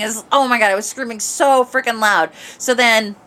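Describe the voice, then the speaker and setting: Speaking at an ordinary speed, a woman podcast host relays a casual anecdote into the microphone. Her delivery is expressive and animated, ranging from quiet mutters to loud shrieks.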